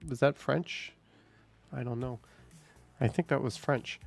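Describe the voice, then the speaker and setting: Gravelly man musing on a live stream. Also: mid-range voice, fairly even intonation, unhurried, soft background music. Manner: rambling, musing aloud with many fillers. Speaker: live-streaming walking vlogger. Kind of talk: casual live-stream chat reading viewer comments.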